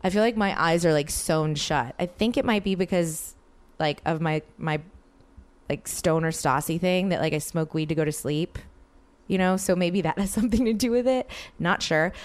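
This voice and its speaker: A woman's voice: fairly low pitch, clear, resonant tone. A woman hosting a podcast, telling a rambling story in casual chat, full of fillers and swearing. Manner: chatty, rambling, heavy use of fillers and swearing. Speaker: podcast host.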